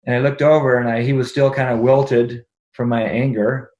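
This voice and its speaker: A man's voice: medium pitch, flat delivery, normal speed, darkish tone, lo-fi sound. A middle-aged man, a podcast guest, telling a personal story in conversation; he acts out the dialogue and laughs often.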